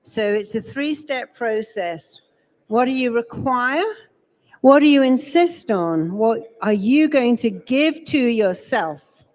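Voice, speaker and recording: A woman's voice: fairly high pitch, animated, slow pace, a little mellow. A woman giving a live seminar talk on a stage, emphatic, slipping into quoted voices to make her points. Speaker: speaker. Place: large event hall.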